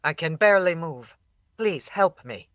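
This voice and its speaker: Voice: medium pitch, lively intonation, unhurried, fairly bright tone, no room sound, studio quality. A narrator doing a dazed ancient soldier. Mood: pleading. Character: dazed young ancient soldier man, miserable. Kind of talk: audiobook character voice.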